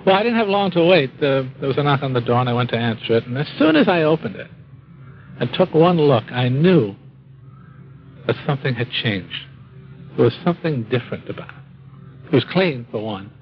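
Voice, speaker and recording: A man's voice: mid-range voice, lively intonation, moderate pace, pauses often, highs cut off, a little hiss or hum. A man telling his own drinking story in a folksy, wry way, acting out what people said. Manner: wry, self-mocking humor; folksy, acts out quoted speech. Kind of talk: storytelling talk.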